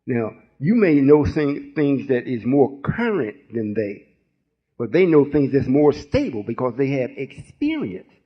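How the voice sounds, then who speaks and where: A man's voice: mid-range voice, big pitch swings, unhurried, husky. A man in his late sixties giving a folksy, rambling sermon-style teaching and checking in with listeners. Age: 60s. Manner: folksy, rambling, call-and-response. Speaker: spiritual teacher. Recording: muffled lo-fi recording.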